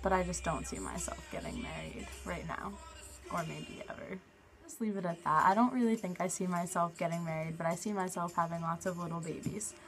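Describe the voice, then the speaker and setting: A young woman vlogging in a casual, chatty way, blunt and quick to swear. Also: lowish voice, lively intonation, over music, poor audio. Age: young adult. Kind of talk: casual vlog talk to camera.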